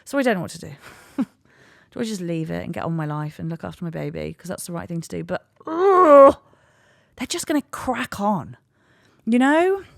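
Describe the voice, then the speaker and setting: A woman's voice: fairly low pitch, big pitch swings, moderate pace, gravelly, dry recording, clean studio sound. Sweary ranting woman podcaster. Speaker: podcast host. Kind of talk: solo podcast monologue.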